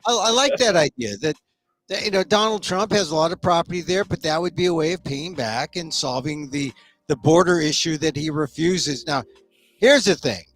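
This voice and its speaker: A man's voice: on the high side, fairly bright tone, faint music behind. A man hosting a talk show, chatting casually and agreeably with a guest. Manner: conversational, agreeable, frequent quick affirmations. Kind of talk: casual chat.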